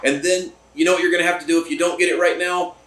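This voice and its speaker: A man's voice: on the high side, fairly even intonation, rapid-fire, a bit bright. A man hosting a casual chat, chatty, jokey and enthusiastic, recorded at a distillery. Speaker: podcast host. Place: distillery room. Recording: roomy, distant mic.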